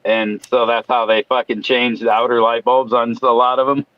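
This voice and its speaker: A man's voice: mid-range voice, level tone, normal speed, no room sound, muffled recording. A man in casual podcast chat, boastful and profane, who laughs easily. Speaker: co-host.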